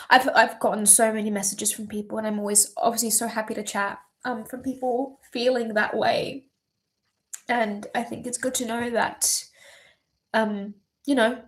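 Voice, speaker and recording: A young woman, a singer-songwriter on a livestream, talking candidly and tearfully with lots of swearing and ums. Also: on the high side. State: teary, voice wavering. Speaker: singer-songwriter streaming live. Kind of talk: emotional livestream chat.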